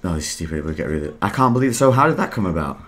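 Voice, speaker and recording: An Australian man hosting a podcast, telling stories in a relaxed, casual chat, swearing and laughing easily. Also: deep voice, very fast. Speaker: podcast host.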